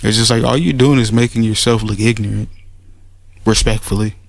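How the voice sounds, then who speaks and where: A man's voice: on the low side, steady tone, a little fast, vocal fry, no echo. A man giving a mocking, rambling spoken rebuttal, sarcastic and full of restarts. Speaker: commentator making a response audio.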